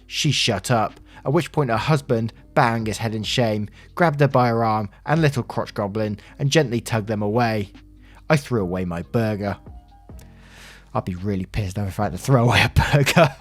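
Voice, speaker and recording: A man narrating online stories casually, with wry asides and free swearing. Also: lowish voice. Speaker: reddit story narrator. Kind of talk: casual story narration with commentary.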